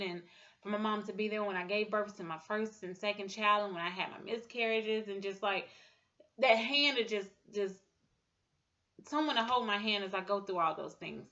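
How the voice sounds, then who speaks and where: A woman in her thirties giving an emotional personal testimony, halting and full of fillers and restarts. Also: mid-range voice, pushed and bright, dull audio. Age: 30s. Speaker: speaker sharing a personal testimony.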